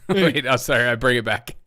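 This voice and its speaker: A man's voice: medium pitch, expressive, moderate pace, noisy background. A man hosting a casual comedy news show, joking loosely and laughing often. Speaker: host.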